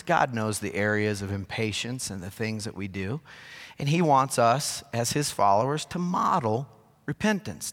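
In a church sanctuary, a pastor preaches to his congregation in a bright, forward, medium-pitched voice, sharing stories from his own life with easy, self-deprecating humor. The large hall's long reverb rings out behind his words.

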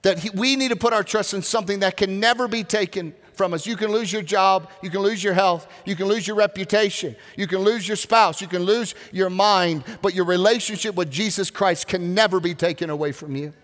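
A man preaching a sermon as pastor, earnest, slowing down to stress key words. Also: sits high, a bit bright. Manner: earnest preaching with slow, drawn-out emphasis. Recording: reverberant hall.

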